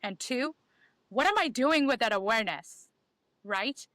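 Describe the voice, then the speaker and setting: A woman's voice: fairly high pitch, expressive, measured pace, fairly bright tone, dry recording. A woman talking as a podcast guest, giving emphatic advice that repeats key phrases and acts out inner dialogue. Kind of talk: animated conversational advice.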